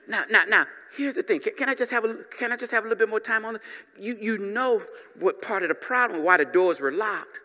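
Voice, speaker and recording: Man preaching, high voice, very bright and forceful, echoing church hall, playful call-and-response. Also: a little fast. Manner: lively preacher with humorous asides and call-and-response. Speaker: pastor. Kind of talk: sermon.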